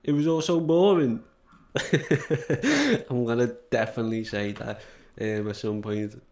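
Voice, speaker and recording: A man hosting a casual reaction podcast, loose, excitable and swearing freely. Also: mid-range voice, unhurried. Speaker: podcast host.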